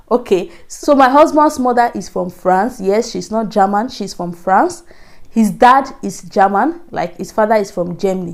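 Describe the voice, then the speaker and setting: A young Nigerian woman vlogging, telling a personal story in a casual, animated way with frequent laughter and repeated words for emphasis. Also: mid-range voice.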